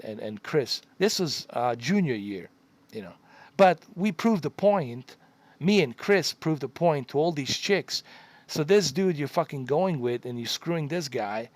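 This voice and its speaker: A man's voice: medium pitch, dry recording. A middle-aged man casually telling a story to his viewers, profane and rambling, repeating himself for emphasis.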